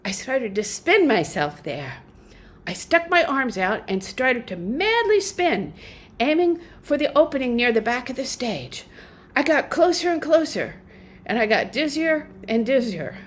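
High-voiced woman telling a funny story. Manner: lively, self-mocking, laughs often. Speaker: folk singer and guest. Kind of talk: humorous storytelling.

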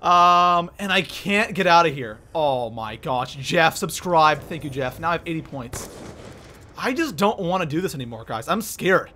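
Excitable, high-voiced male game streamer. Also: normal speed, slight background noise. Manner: excitable, thanks viewers by name between frantic gameplay reactions. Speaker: livestreamer. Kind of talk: live gameplay commentary.

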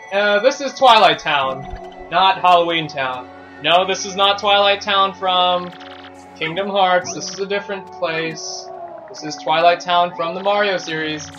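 Excitable man, game commentary, dull lo-fi audio, faint music behind. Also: high-pitched, unhurried. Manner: excitable, jokey, reads dialogue aloud. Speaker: let's play host. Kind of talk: gameplay commentary.

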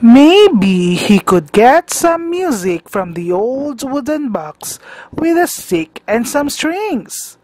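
A woman teacher reads a children's picture book aloud, drawing out each phrase with lively, sing-song rises and falls. Her voice sits a little high and the recording is close and dry. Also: no echo. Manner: slow, expressive, sing-song storytelling. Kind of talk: children's storybook read-aloud.

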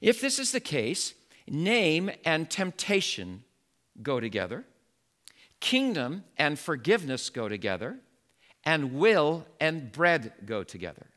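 A male pastor preaching a sermon in an animated way, building to emphatic exclamations. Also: a little high, slow pace.

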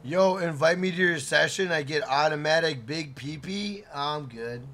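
A man live-streaming a video game, talking loudly to his chat with swearing and shout-outs. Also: on the high side, normal speed.

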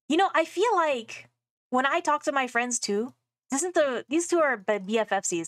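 A woman's voice: sits high, expressive, moderate pace, fairly bright tone, no room sound. A young woman streaming a game playthrough, playful and chatty, thinking aloud as she plays.

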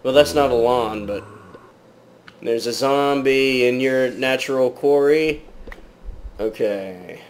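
A man talking through a game at an unhurried pace, in a playful put-on British accent. He keeps turning to his viewers as "guys" and lets out startled yelps when something jumps at him. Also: mid-range voice, fairly bright tone. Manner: jokey mock British accent. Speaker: gaming channel host. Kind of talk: let's play gameplay commentary.

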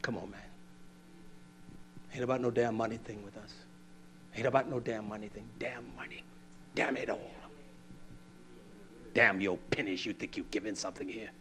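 An older man preaching a sermon, scolding and fiery, swinging from low mutters to loud outbursts. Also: steady tone, moderate pace, pauses often.

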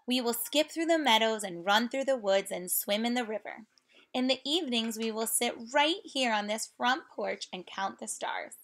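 A woman voicing a cheerful, eager male frog who calls out brightly and coaxes his friend. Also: a little high, normal speed. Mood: coaxing. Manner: bright, coaxing, excited calling.

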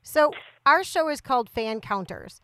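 A woman's voice: sits high, expressive, unhurried, a bit bright, no room sound. A woman co-hosting a podcast in casual, chatty conversation. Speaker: podcast co-host. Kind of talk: casual chat.

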